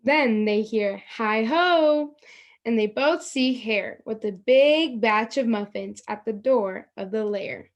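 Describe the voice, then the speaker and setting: A woman reading a picture book aloud to children over a video call, acting out the lines and adding asides about the pictures. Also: a little high. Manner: slow, expressive read-aloud with pointing asides. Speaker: storytime reader.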